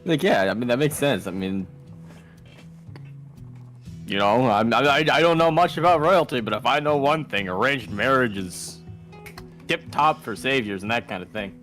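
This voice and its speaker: A man's voice: mid-range voice, normal speed, long pauses, a bit bright, faint music behind. A young man playing a tabletop game, casual and joking. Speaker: player.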